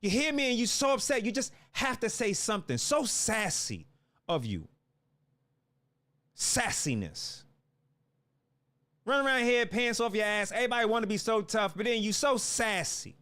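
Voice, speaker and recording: A man's voice: extremely high pitch, fast, hardly any pauses, sharp tone, smooth. A man giving a heated political monologue, fiery and repeating himself as he restarts lines. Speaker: political commentator.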